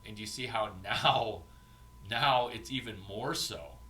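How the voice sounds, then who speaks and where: A man giving an informal, profane coaching talk as an entrepreneurship mentor, animated and acting out bits of banter. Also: lowish voice, slow.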